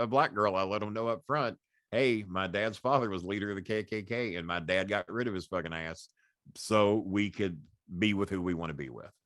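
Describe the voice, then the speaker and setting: Blunt, profane man, low and dry. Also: a bit bright, no echo. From Southern US. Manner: blunt, profane, laughs through his stories. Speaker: guest. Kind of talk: casual storytelling. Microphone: podcast call.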